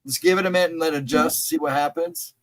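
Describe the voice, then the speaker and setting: A man's voice: fairly high pitch, steady tone, fast talker, fairly bright tone, dry recording. A man hosting a casual livestream chat, rambling and easygoing, often laughing. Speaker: host.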